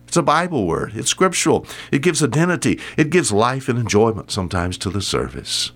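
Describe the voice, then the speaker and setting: A man's voice: mid-range voice, big pitch swings, fairly quick, hardly any pauses, a bit bright. An older man preaching a sermon in a folksy, repetitive way, rising to emphatic bursts on key words.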